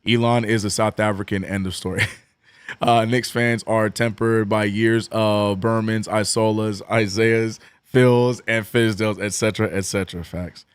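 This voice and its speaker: New Orleans man, hoarse fan play-by-play. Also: normal speed, no echo. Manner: swings from excited calls to low, mumbled chat with viewers. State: voice cracking. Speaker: streamer doing fan play-by-play. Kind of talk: watch-along play-by-play and chat.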